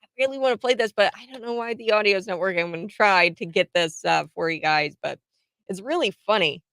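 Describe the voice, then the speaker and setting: A woman hosting a talk radio show, giving opinionated commentary in a chatty way, laughing often and filling pauses with many "uh"s and restarts. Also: mid-range voice, fairly bright tone, dry recording.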